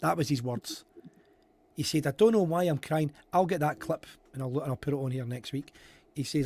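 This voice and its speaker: Man, casual live stream chat, repeats himself, fairly high pitch. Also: brisk, a little mellow. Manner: chatty, repeats himself, reads out viewer comments. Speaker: podcast co-host.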